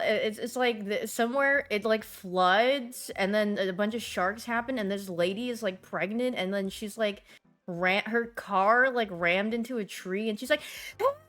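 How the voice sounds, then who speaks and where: A young woman livestreamer chatting casually, rambling and giggly with sudden excited squeals. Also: medium pitch. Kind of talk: casual stream chat.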